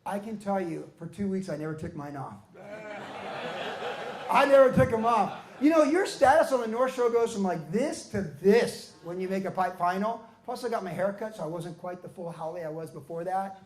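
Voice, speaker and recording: An older man with a notably high speaking voice tells stories of his surfing years to a live audience. He is animated, jumping into other people's voices as he goes. The sound is roomy and echoey, as at an event hall. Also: normal speed. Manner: animated storyteller, acts out quotes with loud shouts and laughs. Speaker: pastor and former pro surfer telling his story. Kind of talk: storytelling talk at a book event.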